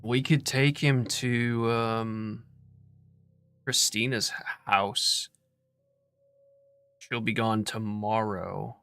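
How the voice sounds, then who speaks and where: A man's voice: on the low side, fairly even intonation, very slow, pauses often, pushed and bright, smooth, no echo, faint music behind. A man playing in a tabletop game, talking through plans in a plain, dry way. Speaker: player. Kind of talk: casual tabletop play.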